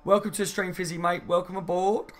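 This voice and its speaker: A man's voice: high-pitched, level tone, brisk, soft background music. A man chatting casually on a live stream, rambling and reading viewer comments aloud, saying "mate" and "you know what I mean" often. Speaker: football fan streamer.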